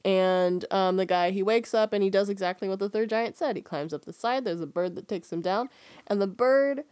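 A young woman chatting casually as she retells an old tale, breaking into giggles and peppering it with "just like". The recording is dry and close with little room sound. Her pitch sits in the middle range for a woman. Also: moderate pace, darkish tone, clear, resonant tone, no echo. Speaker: podcast co-host retelling a fairy tale. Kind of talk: casual chat.

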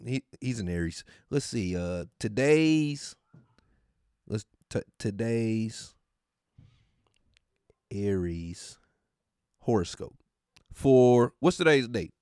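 A man's voice: mid-range voice, lively intonation, slow, darkish tone, clean tone, no echo, clean studio sound. A man hosting a podcast in a casual, profane rant, mocking and often laughing. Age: adult. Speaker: podcast host.

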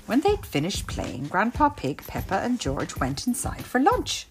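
A woman's voice: mid-range voice, wildly swooping pitch, unhurried, few pauses, over music. A woman reading a picture book aloud to a young child in a sing-song way.

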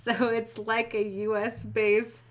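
A woman's voice: on the high side, little pitch movement, slow pace. A woman co-hosting a casual chat, joking and swearing freely and reading fan fiction aloud. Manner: profane, joking. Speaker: podcast co-host.

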